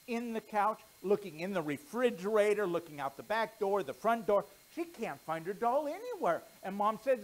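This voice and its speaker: Male pastor, animated children's storyteller, lively swings in pitch. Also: low-quality recording. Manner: animated storyteller, then earnest preaching.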